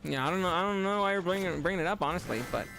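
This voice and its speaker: A male streamer casually chatting with his viewers while playing a platformer game, reading messages aloud and breaking into loud, high laughing fits. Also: very fast, creaky, soft background music. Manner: reads chat aloud and reacts with loud, high laughing outbursts. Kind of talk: live game stream chat.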